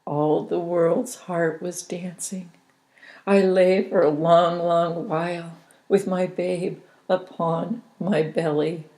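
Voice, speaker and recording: A woman reading her own memoir aloud as an audiobook, in a slow, intimate, reflective manner. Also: on the low side, steady tone, mellow.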